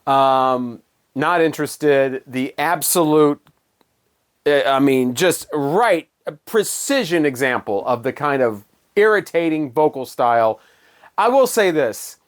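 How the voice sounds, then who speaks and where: A man's voice: fairly high pitch, lively intonation, slow pace. A man giving a casual spoken album review in a sarcastic, dismissive, rambling way.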